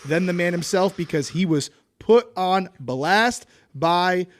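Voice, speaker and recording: A man in his thirties hosting a podcast, chatting in a relaxed, joking way and reading a sponsor spot. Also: high voice, slow pace, a little hiss or hum. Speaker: podcast host. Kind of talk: casual podcast chat with sponsor read.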